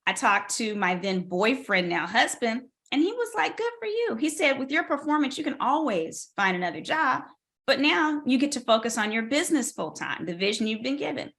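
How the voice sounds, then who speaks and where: A woman with a bright, clear voice sits for a podcast interview. She tells her story with animation, swinging her pitch widely and voicing the people she quotes. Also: expressive, normal speed. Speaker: guest, tech strategist and keynote speaker.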